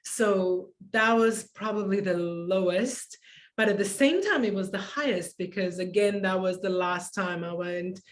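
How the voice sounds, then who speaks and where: A woman's voice: medium pitch, a little slow. Emotional woman telling stories as a guest. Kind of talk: casual interview storytelling.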